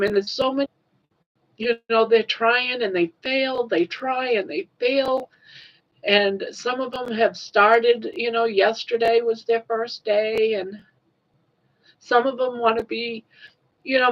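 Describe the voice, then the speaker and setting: A woman's voice: on the high side, fairly bright tone, muffled recording. An older woman crying on a casual livestream, tearful and grateful as she thanks her viewers. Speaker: crochet livestreamer.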